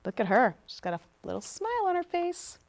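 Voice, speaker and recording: A woman's voice: sits high, brisk, creaky. A woman reading picture books aloud at a storytime, chatting to the children between pages. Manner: animated, chatty asides to kids. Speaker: storytime reader.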